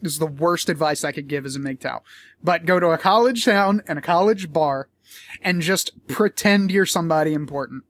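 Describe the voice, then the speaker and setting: A man's voice: a little high, normal speed, fairly bright tone. A man in a casual commentary vlog, talking in a rambling, profane, joking way. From United States.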